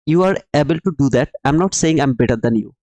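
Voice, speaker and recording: A man with a somewhat high voice runs a live trading stream. He talks emphatically, repeats his points and calls viewers brother. His voice sounds dry and close, with little room sound. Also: animated, fast talker, warm tone, dry recording, poor audio. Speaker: livestream trading host. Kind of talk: live-stream market commentary and chat replies.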